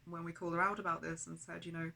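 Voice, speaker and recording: A woman's voice: fairly low pitch, little pitch movement, quick pace, creaky, bright, forceful tone. A woman in an emotional personal vlog who talks angrily, swears heavily and speaks of herself as "we". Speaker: vlogger.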